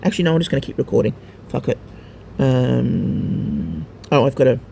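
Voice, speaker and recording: Guy with a really mellow gravelly voice, um-ing his way thru a game walkthrough, bit of faint hiss behind. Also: medium pitch, very animated, normal speed. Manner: rambling and hesitant, many ums and restarts; swears casually. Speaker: mobile gamer showing a game to a friend. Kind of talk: casual gameplay walkthrough.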